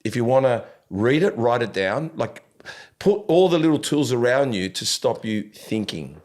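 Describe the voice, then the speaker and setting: A man hosting a podcast, telling stories in a lively casual way and swearing freely. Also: mid-range voice, normal speed. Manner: animated storyteller, swears casually, laughs often. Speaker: podcast host.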